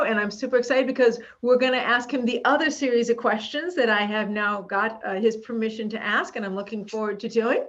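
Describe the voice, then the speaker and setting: A woman's voice: fairly high pitch, fairly quick, few pauses, fairly bright tone, soft background music. A woman in her fifties hosting a podcast interview, bubbly and teasing in casual chat, laughing often. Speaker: podcast host. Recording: dull lo-fi audio.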